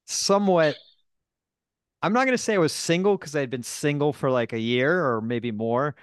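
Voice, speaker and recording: A man's voice: mid-range voice, no echo, clean studio sound. A man talking frankly and casually, rambling through stories with self-deprecating asides. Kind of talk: candid casual chat.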